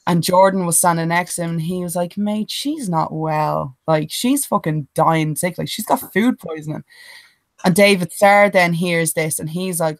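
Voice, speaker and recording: A woman's voice: lowish voice, moderate pace, no echo, studio quality. A young Irish woman telling a swear-laden anecdote on a podcast, acting out what others said. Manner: animated anecdote-teller who swears freely and mimics others in quotes. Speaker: podcast co-host. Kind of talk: casual storytelling chat.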